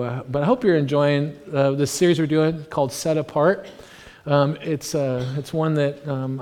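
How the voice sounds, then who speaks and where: An American pastor in his forties delivers a casual, joking sermon in a church hall, rambling with plenty of fillers and asides. His voice is mid-range and a little mellow, and the recording carries a long hall reverb.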